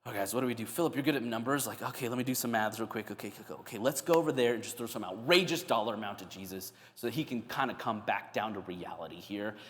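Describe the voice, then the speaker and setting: Pastor as a fast-muttering young schemer, lower and quick, echoey church hall. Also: male voice, a bit bright, close to an everyday voice. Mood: scheming. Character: anxious young man who counts money.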